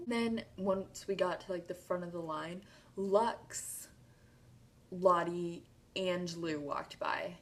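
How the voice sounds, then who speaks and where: A young woman in a casual vlog, excitedly retelling a fan story with lots of "like" and sudden squeals. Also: lowish voice, slow. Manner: gushing, breathless retelling with filler "like". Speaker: vlogger.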